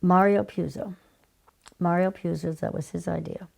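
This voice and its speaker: An older woman with a deeply gravelly, rough-edged voice sitting lower than most women. She tells her stories with lively energy, slipping into the voices of the people she quotes, in a relaxed interview. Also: normal speed. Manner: animated storyteller, acts out quoted people. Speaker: guest, casting director. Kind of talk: casual interview storytelling.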